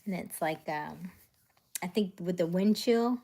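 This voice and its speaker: A woman hosting a casual late-night live stream, greeting viewers by name and often dropping into a soft whisper. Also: lowish voice, unhurried, creaky. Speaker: livestream host.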